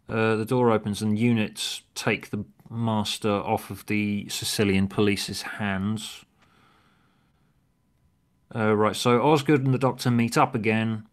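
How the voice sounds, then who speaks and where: A man co-hosting a podcast, reading stage directions from a prediction script in a quick, offhand way with fillers. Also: fairly low pitch, steady tone. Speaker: podcast co-host.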